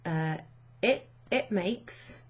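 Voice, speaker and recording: Woman teacher, slow and unhurried, husky low voice, many fillers, patient grammar explanation. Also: animated. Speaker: language teacher.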